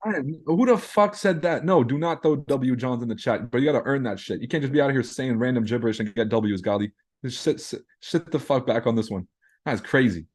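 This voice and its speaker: A man's voice: medium pitch, a little fast, a little mellow. A man in his own everyday voice hosts a trading livestream, talking casually and loosely. He is brash and profane, cracking jokes and answering chat messages as they come in.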